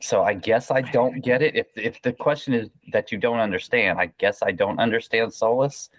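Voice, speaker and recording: A man's voice: lowish voice, normal speed, no room sound. Hesitant man, guest on a podcast. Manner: hesitant, repeats himself. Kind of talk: casual podcast chat.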